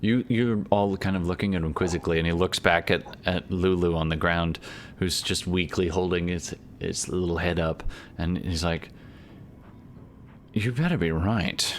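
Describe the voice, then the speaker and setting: Deep-voiced man running a tabletop game. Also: fairly even intonation, normal speed, a little hiss or hum. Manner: meandering, many fillers and restarts. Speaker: game master.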